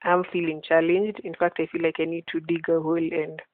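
A woman's voice: sits low, little pitch movement, brisk, dry recording. Woman, podcast host, earnest casual chat, dry close sound, phone-like audio. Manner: earnest, laughs often. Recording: tinny phone-like line, dry.

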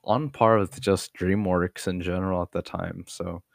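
A man's voice: low voice, normal speed, creaky, no echo, clean studio sound. A young man co-hosting a podcast, chatting casually about films with crude jokes. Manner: animated, joking, crude humor. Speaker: podcast co-host. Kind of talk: casual chat.

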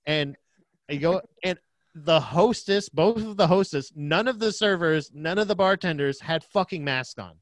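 A man's voice: a little high, moderate pace, no room sound. A man co-hosting a podcast from Pennsylvania, chatting casually in a loose, profane, joking way. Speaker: podcast co-host. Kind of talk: casual chat.

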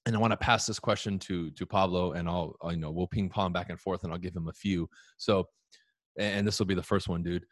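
Laid-back male host, deep voice. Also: steady tone, brisk, no room sound, studio quality. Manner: upbeat, slangy, talks to the audience directly. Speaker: podcast host. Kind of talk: casual live show chat.

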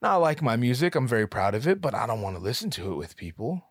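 A man's voice: mid-range voice, sing-song, fast talker, no room sound, clean studio sound. A man, a musician and photographer, telling a comic story in a rambling, profane, self-mocking way. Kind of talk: comedic storytelling.

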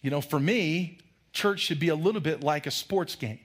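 A middle-aged man, a pastor, preaching a lively sermon with loud, humorous storytelling. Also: fairly high pitch, normal speed, slightly rough.

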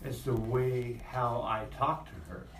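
A man's voice: medium pitch, steady tone, takes it slowly, noisy background. A man talking as a father in a discussion group, reflective and searching for his words.

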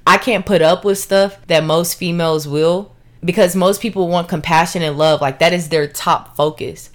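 Young woman podcaster, lowish voice, candid, emphatic solo monologue. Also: steady tone, moderate pace. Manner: candid, emphatic, addresses listeners as y'all. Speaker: podcast host.

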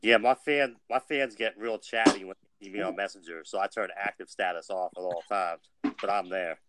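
A man's voice: lowish voice, steady tone, a little fast, noisy background. A man co-hosting a casual podcast, brash and boastful, talking big in a streetwise, trash-talking manner. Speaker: podcast co-host.

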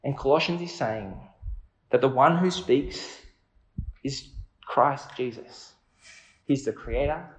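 A man's voice: medium pitch, slow pace, pauses often, roomy sound, low-quality recording. A man preaching a sermon in an earnest, conversational way, asking his listeners questions.

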